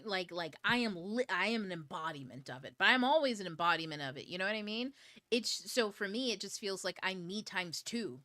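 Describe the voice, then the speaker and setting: A woman's voice: medium pitch, sharp tone, dry recording. A woman hosting a book club livestream, chatting casually to her viewers, swearing freely and laughing as she rambles. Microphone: camera mic on a DSLR.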